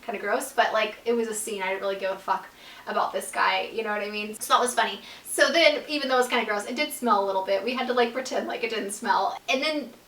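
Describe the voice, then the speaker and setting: A woman's voice: medium pitch, fast talker, a bit bright. A young woman telling a casual, blunt and profane storytime, full of "like" fillers. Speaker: vlogger telling stories. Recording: roomy echo, a bit far from the mic.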